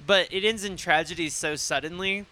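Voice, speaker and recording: A man co-hosts a film podcast, his high-pitched, sharp voice moving at a normal speed. He rambles casually and swears freely.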